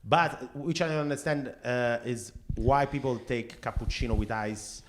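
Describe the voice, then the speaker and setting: A man with an Italian accent chats casually as a guest, his voice sitting at an ordinary middle pitch. He stops often to hunt for the right English word. He pushes his points with emphatic disbelief. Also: steady tone, slight background noise. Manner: halting, searching for English words; incredulous and emphatic about food habits. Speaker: podcast guest. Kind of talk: casual chat.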